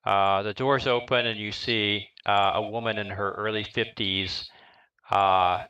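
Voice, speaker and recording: A middle-aged man narrating a live-streamed tabletop game as dungeon master, describing scenes in a halting way with lots of fillers. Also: lowish voice, steady tone, bright, forceful tone, highs cut off.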